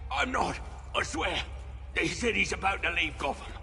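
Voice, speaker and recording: An actor playing a frightened street thug in a video game, with a nervous, stammering manner. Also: male voice, high-pitched, lively intonation, normal speed, vocal fry, long reverb tail, full character voice. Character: scared, then defiant male street thug. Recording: game audio over loud music.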